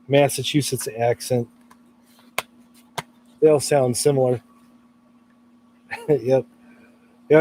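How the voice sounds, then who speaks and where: A man from California, hoarse from allergies, chatting casually and laughing often on a live stream. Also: on the high side, mellow.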